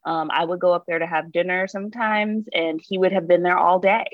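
A young adult woman, an interviewee recounting a personal story, animated as she retells it. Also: fairly low pitch, brisk, dry recording. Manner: animated retelling, voices her own past words. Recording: dull lo-fi sound.

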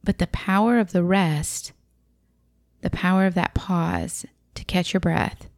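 Woman, lowish voice, dry close sound, reflective and vivid storyteller. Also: fairly even intonation, unhurried, dry recording. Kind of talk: personal storytelling talk.

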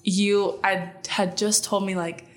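Chatting casually as a podcast guest and friend, a young woman rambles through stories with lots of fillers and frequent laughs. She speaks slowly at a medium pitch, with little movement in her voice.

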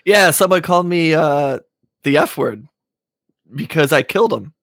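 A man's voice: a little high, animated, normal speed, fairly bright tone, no room sound, clean studio sound. A man co-hosting a casual podcast chat, brash and profane, laughing as he tells stories. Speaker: podcast co-host.

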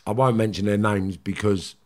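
A middle-aged man speaks in a fairly low voice. He tells his stories bluntly and swears freely, stumbling over restarts as he goes. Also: fairly even intonation, normal speed. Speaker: podcast guest. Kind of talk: casual storytelling chat.

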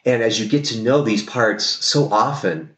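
Talking at normal speed in a voice on the low side, this therapist reflects and explains during a podcast conversation as a guest. He frequently asks "right?", and the room echo is noticeable.

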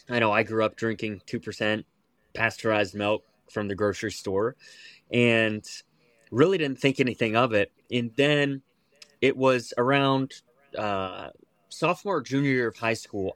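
A man's voice: lowish voice, dry recording. A young American man, a podcast guest, telling his story casually with fillers and restarts. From United States. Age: young adult. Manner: relaxed, with frequent fillers and restarts.

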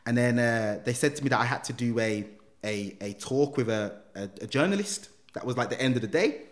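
Guy telling his story, slangy and lively, swings up and down, middle voice. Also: medium pitch, a little fast. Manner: animated, slangy, acts out voices. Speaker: guest. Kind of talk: emotional personal storytelling.

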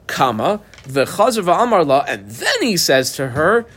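Animated man teaching Gemara. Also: on the high side, a little fast, hardly any pauses. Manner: reads Aramaic text then translates, animated, marks up the text aloud. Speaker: Talmud teacher. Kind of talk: daf yomi Gemara class.

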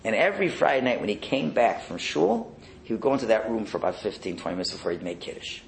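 A man teaching a Torah lesson as a sermon, telling stories in an animated way and acting out the voices in them. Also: fairly low pitch, fast talker, gravelly, a little hiss or hum, low-quality recording. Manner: animated storyteller, acts out the voices in his tales. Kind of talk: storytelling sermon.

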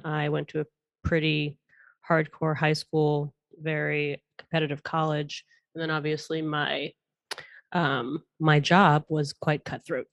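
A woman in her thirties, a podcast guest, talking in a chatty, animated way and laughing often. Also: sits low, creaky, no room sound. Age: 30s. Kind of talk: casual interview chat.

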